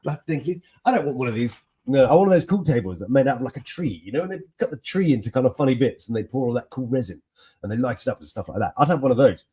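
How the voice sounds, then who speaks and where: A man hosting a casual, jokey news chat with laughing asides and a husky voice. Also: medium pitch, animated, rapid-fire, darkish tone. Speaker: host.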